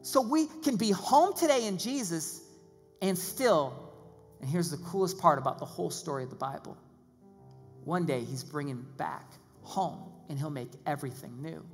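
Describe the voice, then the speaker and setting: A male pastor delivering a sermon. At times he rises to loud, excited preaching and at times he drops to a quiet, hushed voice for prayer. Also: on the high side, normal speed. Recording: long reverb with music behind. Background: music playing.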